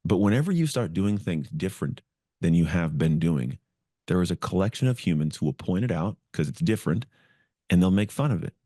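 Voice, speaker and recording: A man's voice: deep voice, lively intonation, a little fast, warm tone, no echo, clean studio sound. A man as a podcast guest, telling his story in an earnest, reflective way and acting out the voices in his head. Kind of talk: storytelling interview.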